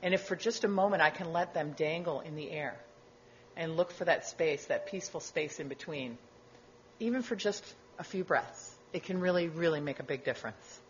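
A middle-aged woman giving a sermon as a guest speaker, gentle and reflective, with casual asides. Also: sits low, moderate pace, muffled recording, slight background noise.

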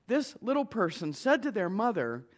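A man's voice: high-pitched, sing-song, normal speed. A man, a minister, telling a personal story to an audience with heartfelt emphasis and short punchy phrases.

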